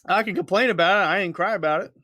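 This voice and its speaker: Man, quick talker, bright voice, teasing comebacks, casual podcast banter. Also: high-pitched, no room sound, studio quality. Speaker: podcast co-host.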